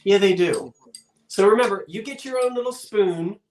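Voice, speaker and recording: A man's voice: high voice, normal speed, darkish tone, roomy sound, slight background noise. A man hosting a live-streamed online auction, talking in a chatty, folksy way with rambling asides. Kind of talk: live-streamed sale, casual chat.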